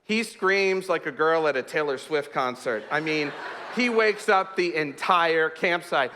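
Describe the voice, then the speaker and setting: A man telling a humorous personal story to an audience, laughing often and dropping to a hush for suspense. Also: fairly high pitch, measured pace, a little hiss or hum. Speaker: speaker.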